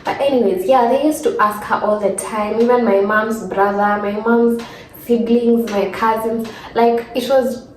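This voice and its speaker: A woman's voice: fairly high pitch, steady tone, measured pace, echoey room, poor audio. A young Kenyan woman in her twenties with a Kenyan accent, telling a casual sit-down story from her room, rambling with lots of fillers and close to tears. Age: 20s. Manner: chatty, rambling with many fillers and restarts. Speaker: vlogger.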